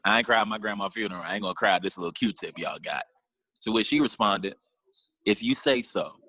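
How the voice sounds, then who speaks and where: A man performs a stand-up routine over a video call, slangy and animated as he acts out each exchange. His voice is bright and forward, and the sound is dry and close with no room around it. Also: fairly low pitch, a little fast, dry recording, poor audio. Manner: animated, slangy storytelling with acted-out dialogue. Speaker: stand-up comedian.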